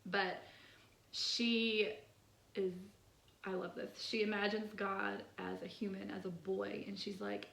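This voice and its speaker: A woman's voice: medium pitch, level tone, slow, gravelly, echoey room. A woman hosting a poetry channel, talking through poems in a casual, chatty way, full of "like" fillers. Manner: chatty, many "like" fillers, soft laughs.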